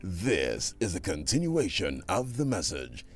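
A man reading a scripted church radio announcement in a measured way. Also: low voice, huge pitch swings, faint music behind. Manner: measured, reads out details slowly.

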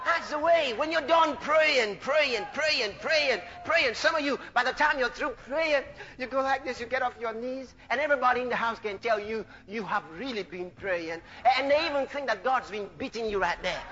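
A male preacher delivering a fervent sermon, shouting exclamations, laughing and acting out scripture voices. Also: very high-pitched, expressive, normal speed, in a large hall, noisy background. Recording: muffled lo-fi recording with faint music.

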